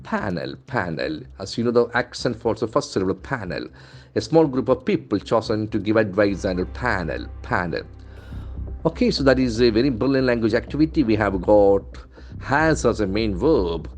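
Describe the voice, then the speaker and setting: A male English trainer, not a native speaker, teaching pronunciation in a lesson, repeating words slowly and stressing their syllables. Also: lowish voice, expressive, a little mellow. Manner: stock phrases "okay, see", "very interesting".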